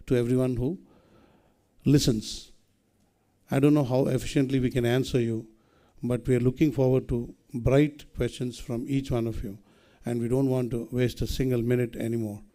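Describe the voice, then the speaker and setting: A middle-aged man with an Indian English accent addresses a student audience, exhorting and emphatic, often asking rhetorical questions. His voice is dark and mellow, at a middling pitch. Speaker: guest speaker. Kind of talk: public speech to students.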